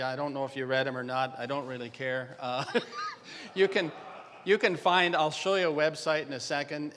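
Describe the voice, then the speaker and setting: An older man from Canada gives a conference lecture with a wry, self-mocking humor, bantering with the crowd. His voice sits a bit high for a man. The sound rings with the long reverb of a large hall. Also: fairly bright tone, a little hiss or hum. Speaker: dental radiology lecturer.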